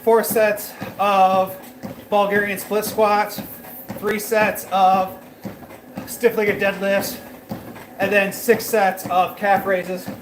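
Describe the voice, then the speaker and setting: A man's voice: high voice, level tone, slow, long pauses, echoey room, background noise. A man livestreaming as he walks on a treadmill, talking loosely to his viewers with lots of fillers. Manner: loose and rambling, many fillers. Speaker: fitness livestreamer. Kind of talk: casual chat while working out, talking to viewers.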